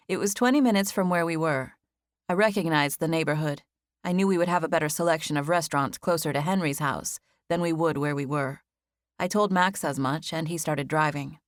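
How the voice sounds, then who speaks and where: Female audiobook narrator, gentle first-person storytelling, slightly low voice, dry studio mic. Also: moderate pace, no room sound.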